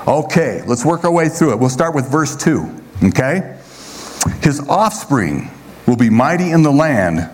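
A man preaching a sermon to a congregation in a relaxed, conversational way, often checking in with his listeners. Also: mid-range voice, measured pace. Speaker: pastor.

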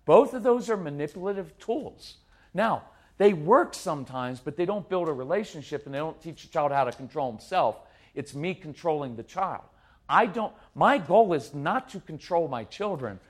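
A middle-aged man giving a live parenting talk to an audience, intense and animated, acting out parents and kids in quick put-on voices. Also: on the high side. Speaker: parenting speaker.

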